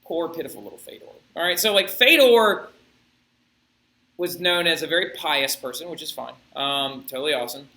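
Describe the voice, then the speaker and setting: Animated male teacher, bright echoey sound. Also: a little high, normal speed. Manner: animated, storytelling, keeps checking with "right?". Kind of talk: classroom history lecture.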